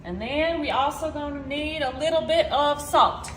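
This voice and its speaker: A woman chatting casually through a cooking demonstration at home, excitedly calling her viewers y'all. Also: high-pitched, normal speed, roomy sound, slight background noise. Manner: excitable about food. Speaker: cooking vlogger. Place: home kitchen.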